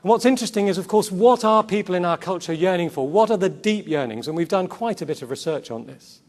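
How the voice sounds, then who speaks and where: A man's voice: high voice, animated, a little mellow. A man giving a sermon-style talk to a Christian gathering, earnest, asking rhetorical questions and repeating key words. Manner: quick asides and self-corrections. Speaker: conference speaker.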